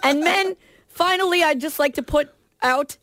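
Brisk woman hosting a radio show. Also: high-pitched, fairly bright tone. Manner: brisk, steering the talk. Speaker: radio host. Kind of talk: studio banter.

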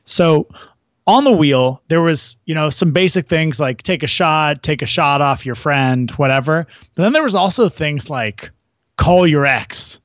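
Laid-back dude on a podcast, keeps saying dude, slightly high voice, dry sound. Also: male voice, animated, normal speed, no room sound, highs cut off. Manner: easygoing, says "dude" a lot. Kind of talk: casual chat.

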